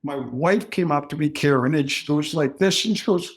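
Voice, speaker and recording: A man in his sixties telling stories as a podcast guest, jokey and animated, acting out other people's voices as he goes. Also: fairly high pitch, normal speed, husky. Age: 60s. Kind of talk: casual storytelling.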